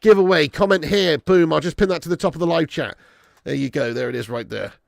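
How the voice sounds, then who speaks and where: Excitable man with a gravelly voice. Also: fairly high pitch, fairly quick, dry recording. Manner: excitable, chatty, slangy, buzzing with joy. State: voice going hoarse. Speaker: football watch-along streamer. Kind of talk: live stream chat and match reaction.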